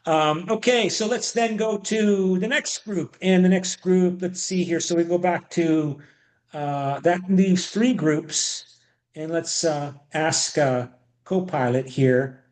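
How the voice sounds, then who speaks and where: A man's voice: high-pitched, slow pace. A man giving an online history lecture, rambling with frequent restarts and repeated words. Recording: echoey room.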